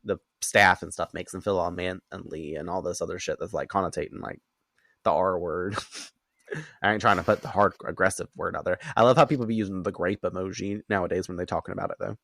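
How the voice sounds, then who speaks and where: A man hosting a podcast in a casual chat, animated and profane, laughing often and acting out quotes from characters. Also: sits low, brisk, vocal fry, dry recording, studio quality. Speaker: podcast host recapping an episode.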